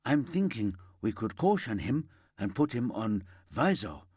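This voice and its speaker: A man's voice: mid-range voice, very animated, unhurried, darkish tone, slightly rough, no echo, clean studio sound. A man voicing a blunt, tech-savvy young female detective constable in a crime audiobook. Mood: scheming.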